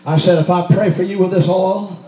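Male preacher, high voice, storytelling sermon, roomy church sound. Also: steady tone, a little fast. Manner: storytelling, rising to shouts. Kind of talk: sermon testimony. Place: church sanctuary.

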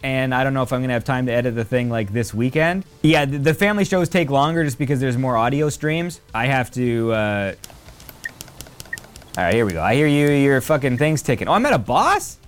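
A man's voice: mid-range voice, lively intonation, fairly quick, smooth, soft background music. A man hosting a casual chat, rambling with many fillers and frequent swearing. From Canada. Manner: rambling, profane, lots of fillers. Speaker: podcast host.

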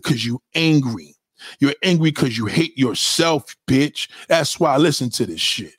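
A man's voice: mid-range voice, expressive, measured pace, husky, no echo, studio quality. A man giving a profane, aggressive reaction rant as an online commentator, insulting and repeating himself.

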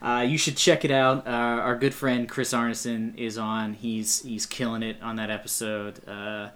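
A man's voice: mid-range voice, level tone, normal speed, a bit bright. A man hosting a podcast in casual chat, with a dry, sarcastic sense of humor. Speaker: podcast host.

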